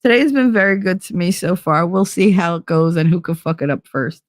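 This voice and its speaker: A woman's voice: fairly low pitch, fairly quick, no echo, studio quality. A woman hosting a casual livestream, chatting loosely, greeting viewers by name and swearing freely. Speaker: livestream host.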